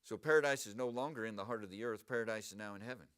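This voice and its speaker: A pastor preaches an animated sermon to his congregation in the church sanctuary, frequently asking them questions. His voice is fairly low, smooth and rapid-fire.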